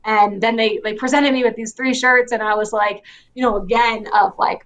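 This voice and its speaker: Casting note: young adult woman, interview guest, soft and halting, lots of "like" and "you know". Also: fairly high pitch, fairly even intonation, dull audio. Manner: soft-spoken, heavy use of fillers like "like" and "you know". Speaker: guest wrestler. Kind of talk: emotional interview conversation.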